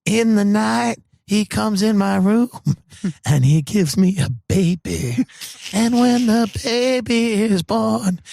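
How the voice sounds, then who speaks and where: A man doing a slow, eerie impression of a young female pop singer, with a much higher voice than his own. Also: gravelly, darkish tone, no echo, exaggerated voice. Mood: ominous.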